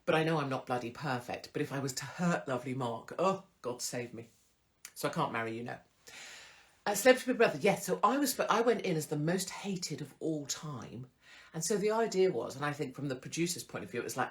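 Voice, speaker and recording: A woman's voice: low voice, lively intonation, fairly quick. A woman in her forties hosts a show and gives advice in a casual monologue. She talks frankly, swears freely and mimics other people. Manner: frank and chatty, with swearing and mock voices of others. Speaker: host.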